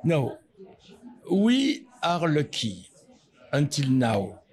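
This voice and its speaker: Slightly high-voiced man, playful and musing in an interview. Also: wildly swooping pitch, extremely slow, a little mellow. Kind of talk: interview answer.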